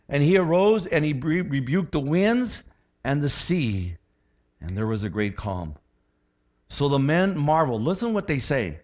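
A man preaching a sermon as a pastor, animated, acting out quotes and voices as he teaches. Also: fairly high pitch, measured pace, dull audio.

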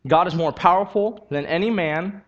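Earnest young man preaching, slightly high. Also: moderate pace, a bit bright. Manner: earnest, emphatic, repeats declarations. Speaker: youth preacher. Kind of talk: sermon with personal testimony. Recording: dull lo-fi recording.

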